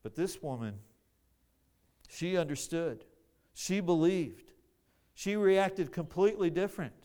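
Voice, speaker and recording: A man's voice: high-pitched, lively intonation, slow pace, mellow, clean tone. A man preaching a sermon, earnest, often repeating words as he searches for the phrasing.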